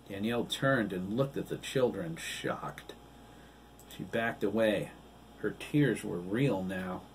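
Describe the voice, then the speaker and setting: A man, the author, reading his novel aloud as an audiobook in a measured, even storytelling manner. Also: fairly low pitch. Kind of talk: audiobook narration. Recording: distant mic, faint hiss.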